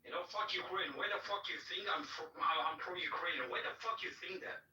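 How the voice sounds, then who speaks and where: A man's voice: high-pitched, brisk, bright, forceful tone, a little hiss or hum. A man, talking bluntly in broken English in a casual audio chat. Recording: roomy, distant app audio.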